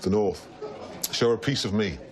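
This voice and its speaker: A middle-aged man in dry, prickly banter, pedantic and deadpan. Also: lowish voice, normal speed, crowd noise. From North of England. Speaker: travelling companion. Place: hotel room and restaurant.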